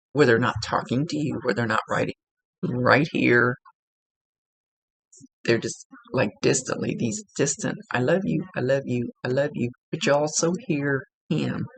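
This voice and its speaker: Gravelly, husky woman medium. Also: extremely low pitch, no room sound, poor audio. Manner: rambling, self-correcting, laughs at own slips; half-whispering at times. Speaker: psychic medium. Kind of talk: spirit reading.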